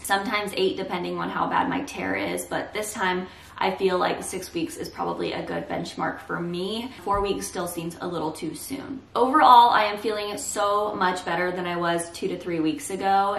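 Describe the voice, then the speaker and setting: A woman's voice: medium pitch, gravelly, fairly bright tone, distant mic, a little hiss or hum. Candid young woman vlogging in an echoey room. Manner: candid and reassuring. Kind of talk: casual vlog talk to camera. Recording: roomy echo, a bit off the mic.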